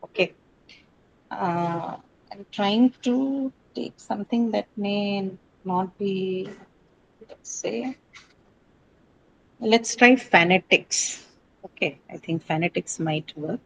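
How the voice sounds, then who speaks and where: A woman's voice: medium pitch, slow, creaky, a little mellow, a little hiss or hum, rough recording. A woman teaching a class on English word stress, explaining patiently with many fillers and frequent checks like "right?".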